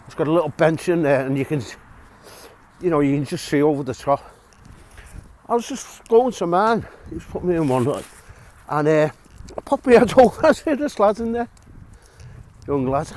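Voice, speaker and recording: A man's voice: on the high side, lively intonation, normal speed, a little mellow, slight background noise. A middle-aged man from England telling a long personal story in a rambling, chatty way, full of restarts and chuckles. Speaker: vlogger telling prison stories. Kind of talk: casual storytelling. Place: outdoors, walking a dog.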